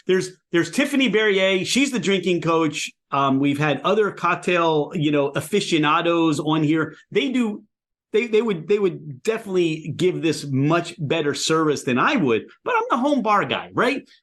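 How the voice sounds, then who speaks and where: A man's voice: a little high, normal speed. A man hosting a podcast, chatting enthusiastically and in detail about a drink he is tasting. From Pennsylvania, USA. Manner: enthusiastic, animated tasting talk. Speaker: podcast host. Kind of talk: casual interview chat.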